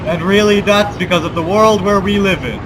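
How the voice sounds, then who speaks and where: Brisk and high-pitched with fairly even intonation, a Balkan man affects an American accent while playing a game on video. His narration alternates between mock-grandiose battle speeches and wry side comments, set against loud game and vehicle noise.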